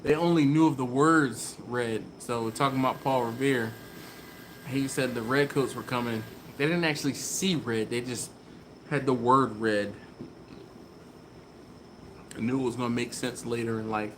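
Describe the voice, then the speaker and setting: A man's voice: mid-range voice, steady tone, normal speed, long pauses, noisy background. A man hosting a casual live stream from a garage, chatting loosely, laughing often and reading viewer comments aloud. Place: warm garage beside a running smoker. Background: fan running.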